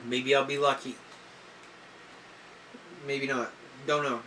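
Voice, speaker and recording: Man in a halting personal vlog. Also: medium pitch, flat delivery, sharp tone. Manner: halting, emotional, many fillers. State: coughing, clearing throat. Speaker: vlogger. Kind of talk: personal video diary. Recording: slightly distant mic with faint noise.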